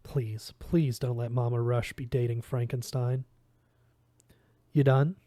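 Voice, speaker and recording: Man reading a novel, mellow and dry. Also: medium pitch, measured pace, dry recording. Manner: steady first-person narration. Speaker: reader.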